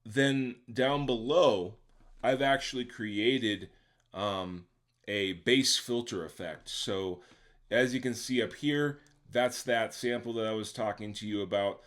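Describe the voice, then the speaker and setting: A man's voice: mid-range voice, slow, a bit bright. A man producer explaining how he built a beat, in a casual step-by-step tutorial that keeps checking in with the listener. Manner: conversational, checks in with the viewer by asking "right?". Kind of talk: casual software tutorial walkthrough.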